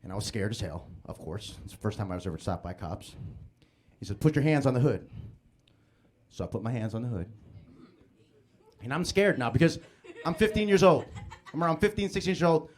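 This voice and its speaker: Animated young male stand-up comic. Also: mid-range voice, fairly quick, breathy edge. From Chicago, US. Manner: animated storytelling with stammered restarts. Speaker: stand-up comedian. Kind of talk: live stand-up comedy set. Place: comedy club stage.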